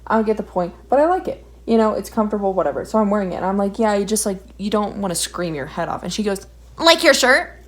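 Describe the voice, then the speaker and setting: A woman's voice: medium pitch, fast, hardly any pauses, darkish tone, low-quality recording. Ranting, foul-mouthed young woman. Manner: ranting, profane, exasperated. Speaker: vlogger. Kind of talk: casual storytime while drawing.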